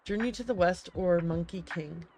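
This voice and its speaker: A woman's voice: on the low side, moderate pace, darkish tone, soft background music. A woman streamer playing a game, chatty and hesitant as she thinks aloud and reads game text. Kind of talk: let's-play commentary and reading game text.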